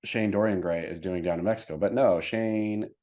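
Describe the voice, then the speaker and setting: Male podcast co-host, lower voice, playful and rambling in casual chat. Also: steady tone, moderate pace, warm tone. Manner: laughing, playful, rambling storyteller.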